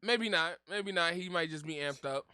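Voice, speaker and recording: Loud laughing streamer, bright high voice. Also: male voice, moderate pace, clear, resonant tone, no echo. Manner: loud, laughing, profane running commentary. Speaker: streamer reacting to a video. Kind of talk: casual reaction commentary.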